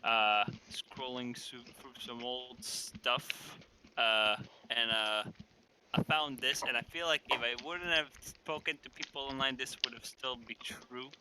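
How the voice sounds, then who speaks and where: Halting man hosting a voice-call chat. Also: mid-range voice, fairly even intonation, noisy background. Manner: halting, with many restarts and fillers. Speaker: host.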